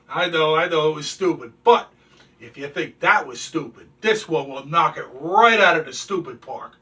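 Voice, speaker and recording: A male show host tells corny jokes and shows off collectibles in a folksy, chatty manner. His voice sits fairly high for a man, and the recording sounds a little distant from the microphone. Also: lively intonation, normal speed, sharp tone. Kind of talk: telling jokes and showing collectibles. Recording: distant from the mic.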